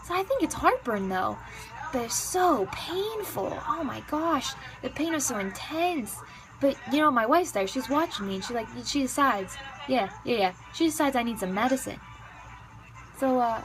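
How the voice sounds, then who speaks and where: High-voiced woman interpreter. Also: animated, normal speed, over music, low-quality recording. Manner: casual, many repeated fillers like "yeah, yeah". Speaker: ASL interpreter. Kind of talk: voicing a signed story into English.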